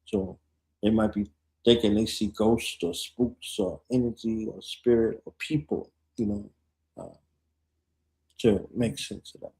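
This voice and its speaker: A man's voice: lowish voice, fairly even intonation, unhurried, vocal fry, a little mellow, husky, rough recording. A man hosting a radio show, asking a rambling question full of fillers. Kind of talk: interview question.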